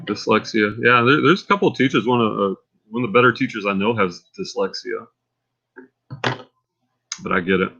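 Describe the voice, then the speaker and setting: Excitable Texan man, bright voice. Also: fairly low pitch, fairly quick, vocal fry, long pauses, lo-fi sound. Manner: rambling and excitable, gets fired up. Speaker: livestream host. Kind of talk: casual livestream talk.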